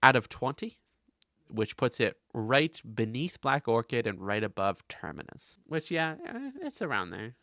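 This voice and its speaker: A man hosting a casual podcast, recapping with animated delivery and quick asides. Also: mid-range voice, dry recording, studio quality. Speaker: podcast host.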